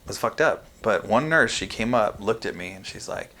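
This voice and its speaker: A young man speaking frankly and profanely on a casual podcast, halting often with fillers and restarts. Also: on the low side, lively intonation, sharp tone.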